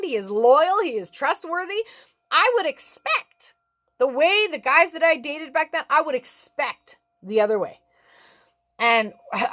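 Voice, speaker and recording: A woman talking in a frank, rambling way about life and relationships, swearing freely and climbing high in pitch when she gets animated. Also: no echo. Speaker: vlogger giving life advice. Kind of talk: casual spiritual chat.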